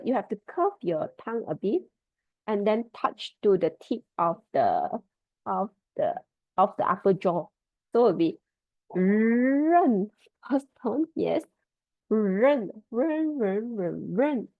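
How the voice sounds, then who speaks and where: A woman leads an online Mandarin lesson, repeating each word and tone with slow patience. Her pitch swoops up and down as she models the tones. The sound is dry and muffled, like a video call. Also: no echo. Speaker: Mandarin teacher. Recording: dull lo-fi video call audio.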